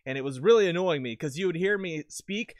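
A man talking casually about his recording setup into a lavalier mic at home, rambling and correcting himself with sudden bursts of excitement. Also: fairly high pitch, brisk, no room sound. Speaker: video creator. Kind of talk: casual gear talk to camera.

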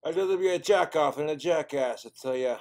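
A comedian delivering a crude stand-up set. His voice sits a bit high for a man. He rambles from one joke to the next in a loose, off-the-cuff way. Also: brisk, darkish tone.

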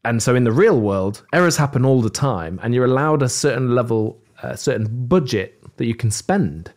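A man's voice: medium pitch, normal speed. A man with a British accent, a podcast guest in casual tech chat, wry and joking as he talks. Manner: wry, joking, animated storyteller.

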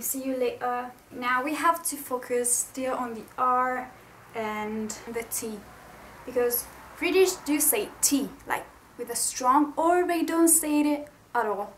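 Italian woman, chatty and fairly high. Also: unhurried, a little hiss or hum, low-quality recording. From Italy. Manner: chatty, eager, self-deprecating. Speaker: YouTuber. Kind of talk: casual explainer vlog.

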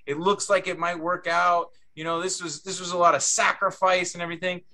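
A man, a book's co-author, telling an anecdote on a panel with an animated, chatty delivery. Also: sits high, fairly quick. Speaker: book co-author.

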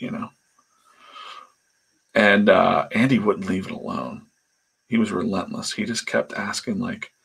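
A man's voice: deep voice, gravelly, fairly bright tone, slightly rough. A man telling rambling anecdotes in casual chat while he draws comics on a live stream, acting out the voices of the people in his stories. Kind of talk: casual storytelling while drawing.

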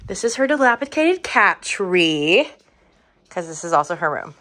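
A woman's voice: lowish voice, sing-song, unhurried, pushed and bright. A woman in her thirties giving a casual, chatty tour of her room, swearing freely and saying um a lot. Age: 30s. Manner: chatty and offhand, swearing, many ums.

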